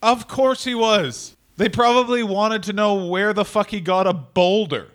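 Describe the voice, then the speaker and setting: A man's voice: sits high, unhurried, fairly bright tone, no echo, studio quality. A male comedian co-hosting a podcast, riffing sarcastically and swearing freely. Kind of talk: casual comedic chat.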